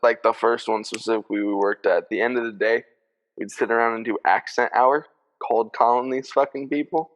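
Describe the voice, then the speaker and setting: A man's voice: mid-range voice, fairly even intonation, a little fast, poor audio. A young male podcast host talks in an ordinary mid-range voice. His chat is casual and blunt, full of swearing.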